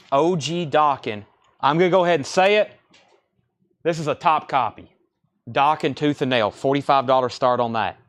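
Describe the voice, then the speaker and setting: A man hosting a live record sale, chatting informally and rattling off buyer names, album titles and prices in quick succession. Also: mid-range voice, a bit bright. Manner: chatty and informal between listings. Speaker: record store host running a live sale. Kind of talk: live-stream sales patter.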